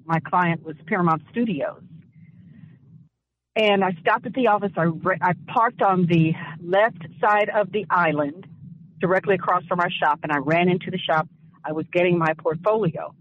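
A woman on a radio talk show giving impassioned commentary and telling a personal story, speaking emphatically and deliberately, with repeated phrases. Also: on the low side. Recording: dull lo-fi radio audio.

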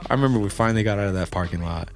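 A man's voice: lowish voice, racing. A man in his thirties co-hosting a podcast, telling stories in a laid-back way, swearing freely and laughing mid-sentence. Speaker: podcast co-host. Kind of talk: casual podcast chat.

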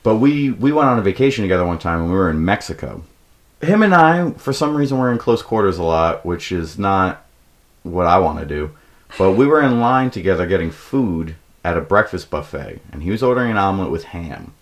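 A young man hosting a podcast, telling rambling comic stories with plenty of swearing and acted-out quotes. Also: a little fast. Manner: profane, animated, acts out quoted people in a high voice. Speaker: podcast host. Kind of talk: casual comedic storytelling.

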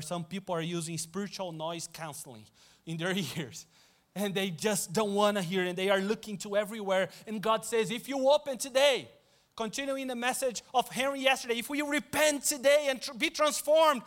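High-voiced man preaching. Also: a little fast. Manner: animated, swings from loud to hushed, repeats phrases. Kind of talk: sermon.

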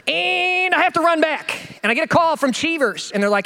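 A man in his thirties preaches with a strikingly high voice and a rapid pace. He tells stories in a jokey, self-deprecating, animated way from a church stage. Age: 30s. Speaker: pastor. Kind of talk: storytelling sermon.

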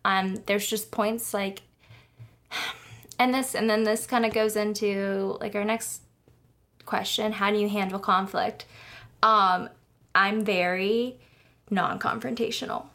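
A woman's voice: medium pitch, fairly even intonation, takes it slowly, pauses often, fairly bright tone. Rambling young woman in casual chat. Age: 20s. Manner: rambling, many fillers, candid and swears casually. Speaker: podcast co-host.

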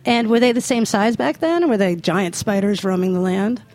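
A bubbly woman hosts a radio interview with plenty of enthusiasm. She talks in a casual, excitable way and laughs easily. Her voice sits at an everyday pitch. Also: moderate pace, soft background music. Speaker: host.

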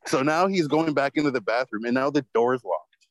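A man's voice: medium pitch, normal speed, no echo, low-quality recording. A man telling a rambling story in casual chat, swearing heavily and filling his talk with "like.". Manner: rambling, heavy swearing, lots of fillers.

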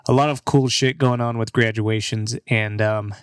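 A man's voice: fairly low pitch, fairly even intonation, normal speed, clean tone, no room sound, studio quality. A young man in his twenties, a comedian, rambling casually in a profane, laid-back way and laughing often.

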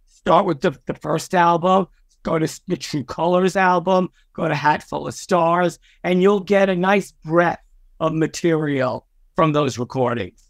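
Older New man, talkative guest storyteller with a raised pitch. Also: a little slow, no room sound, clean studio sound. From Brooklyn, New York. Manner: chatty, warm-hearted, many fillers and restarts. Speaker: podcast guest, record executive. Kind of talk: storytelling interview.

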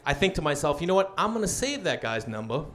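A man's voice: fairly high pitch, big pitch swings, fast, a bit bright. A man doing stand-up storytelling on a comedy club stage, acting out the voices in his story.

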